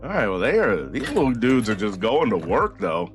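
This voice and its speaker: A man's voice: fairly low pitch, wildly swooping pitch, moderate pace, over music. A tired man giving casual, rambling commentary while he streams a game, laughing often and swearing.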